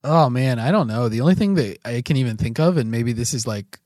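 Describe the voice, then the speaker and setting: A man banters on a comedy podcast with quick, playful one-liners. His voice rises and falls a lot, and the recording is dry with no room sound. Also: mid-range voice, expressive, darkish tone, dry recording. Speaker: podcast co-host. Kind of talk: casual comedic podcast chat.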